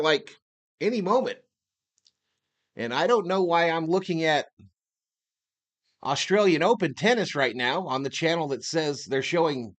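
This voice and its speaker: A man hosting a live sports stream, chatting in an upbeat, slangy way and giving shout-outs to his chat. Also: on the high side.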